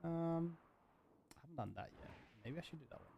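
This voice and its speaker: Fairly high-pitched with vocal fry, this young Aussie streamer talks a little fast, describing himself as monotone as he rambles and restarts sentences mid-game. The desk mic is pressed right up to his mouth, leaving the audio muffled, noisy and full of game sounds.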